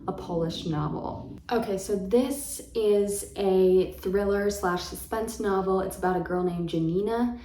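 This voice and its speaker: A woman's voice: mid-range voice, a little slow, dark tone, a little hiss or hum. Chatty woman in an echoey room. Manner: chatty and rambling, many ums and likes. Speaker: book vlogger. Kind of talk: casual book chat.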